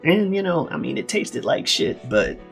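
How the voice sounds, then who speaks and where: A man's voice: a little high, big pitch swings, moderate pace, vocal fry, faint music behind, pitched above the performer's own voice. A man voicing a cocky, whiny young boy who dreams of being a pirate. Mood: brash.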